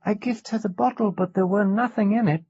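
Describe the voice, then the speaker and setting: A man's voice: high-pitched, fairly quick, darkish tone, husky, dry recording, pitched above the performer's own voice. A man reading an audiobook, voicing a small tearful, sulky boy who whines in childish grammar. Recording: dull lo-fi cassette recording.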